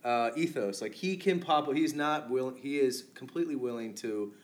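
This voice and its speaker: A man's voice: medium pitch, normal speed. A man co-hosting a casual movie podcast, loose and swearing, laughing often. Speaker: podcast co-host.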